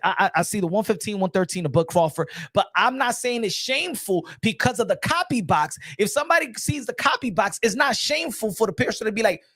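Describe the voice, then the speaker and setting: A man's voice: high voice, fairly bright tone, no echo, studio quality. A man hosting a boxing channel, talking in a casual, rambling monologue full of slang, restarts and emphatic repetition.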